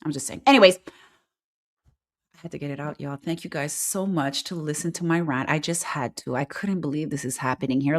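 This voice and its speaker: Blunt, animated woman ranting to viewers. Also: deep voice, moderate pace. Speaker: host of an online talk show. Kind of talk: casual ranting commentary to a live chat. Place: lives in Quebec, Canada.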